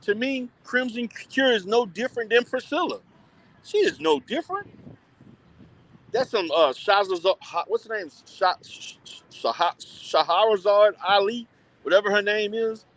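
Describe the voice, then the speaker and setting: A man chatting casually with live viewers while shopping in a mall, blunt and animated, laughing often and repeating himself. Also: high voice, normal speed.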